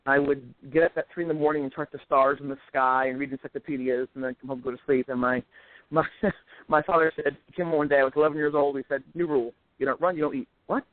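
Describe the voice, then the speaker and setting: A man in his forties, a guest in a casual chat, telling stories with animated delivery and acting out quoted voices. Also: medium pitch, quick pace, no room sound. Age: 40s. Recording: tinny phone line.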